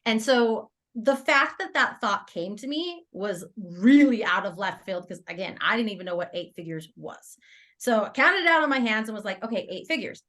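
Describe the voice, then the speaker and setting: A woman talks through a personal story as a podcast guest, at an ordinary mid pitch for a woman. Her delivery is animated and conversational, with frequent laughter, and she slips into quoting her own inner thoughts as she goes. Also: normal speed. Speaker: guest entrepreneur.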